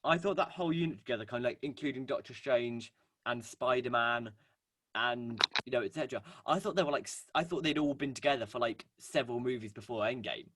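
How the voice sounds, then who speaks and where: A man's voice: medium pitch, brisk, fairly bright tone. A young man co-hosting a casual podcast, rambling with lots of fillers. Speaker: podcast co-host. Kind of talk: casual chat.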